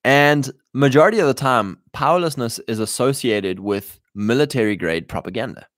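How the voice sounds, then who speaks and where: A man hosting a livestream in a mid-pitched voice, thinking aloud with frequent restarts and fillers. The sound is dry and close, with no room echo. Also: lively intonation, moderate pace, a bit bright. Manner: rambling, many fillers and restarts. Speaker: show host. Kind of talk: casual livestream monologue.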